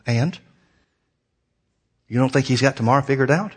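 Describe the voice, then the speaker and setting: A man preaching a sermon in a folksy, animated way, full of rhetorical questions. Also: medium pitch, moderate pace, long pauses, husky.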